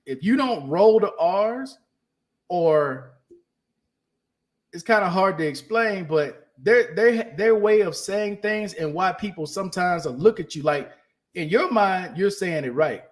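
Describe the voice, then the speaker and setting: A man's voice: high-pitched, lively intonation, a little slow. A man hosting a podcast, talking to listeners in a candid, casual monologue. He often restarts and repeats phrases for emphasis. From United States. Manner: candid, emphatic, repeats himself while searching for words. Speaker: podcast host.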